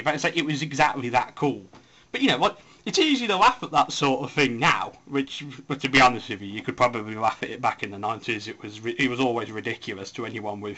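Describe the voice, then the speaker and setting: A man's voice: mid-range voice, pushed and bright. Rambling, self-mocking young man. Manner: rambling, self-mocking, puts on silly voices. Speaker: forum voice poster. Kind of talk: casual spoken post.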